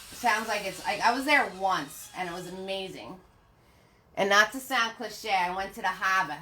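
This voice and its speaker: A painting instructor with a medium-pitched, sharp-toned voice runs a live lesson, greeting viewers by name with terms like hon and sweetie while chatting. Faint music and echo fill the room.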